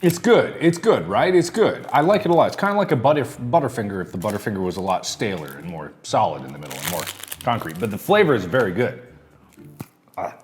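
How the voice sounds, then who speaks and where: A man's voice: fairly low pitch, big pitch swings, fairly quick, a little hiss or hum. A man from the United States chatting casually as he tastes and reviews snacks, rambling with lots of fillers. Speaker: food taste-tester.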